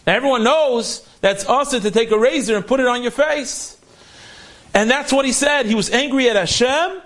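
A man's voice: extremely high pitch, moderate pace, a bit bright. A man earnestly retelling an inspiring story he heard from a friend, sprinkling in Yiddish and Hebrew words.

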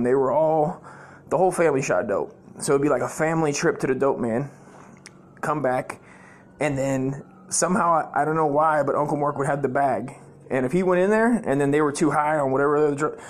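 A man hosting his own comedy podcast, telling profane, rambling stories full of fillers and restarts. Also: on the high side. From United States.

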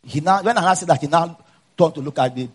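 This Nigerian-accented preacher blends his own story into the sermon, dropping his voice for side remarks and swelling loudly to preach. His delivery is fairly quick and slightly rough.

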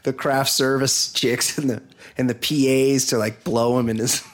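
A man's voice: mid-range voice, fairly even intonation, moderate pace. A man co-hosting a podcast, telling a news story in a rambling, profane way, with lots of fillers. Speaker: podcast co-host. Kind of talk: casual chat.

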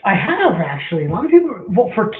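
A man co-hosting a casual movie podcast, agreeable and chiming in with quick replies. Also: high-pitched, big pitch swings. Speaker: podcast co-host. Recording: tinny phone-like line in echoey room.

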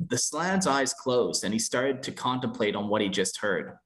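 A young man hosting a laid-back podcast, reading fan fiction aloud. He curses freely and stumbles here and there, with a middle-of-the-road pitch. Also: lively intonation, moderate pace, few pauses, a bit bright. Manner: loose and profane, stumbles when reading. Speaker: podcast host.

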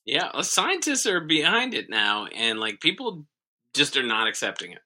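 A man's voice: fairly high pitch, big pitch swings, moderate pace, pushed and bright. A man co-hosting a comedy podcast, reading out news items in casual banter with a dry, sarcastic delivery.

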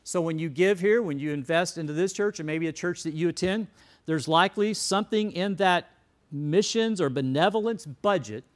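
A man's voice: on the high side, moderate pace. A middle-aged man, a pastor, giving a conversational sermon and repeating key words for emphasis.

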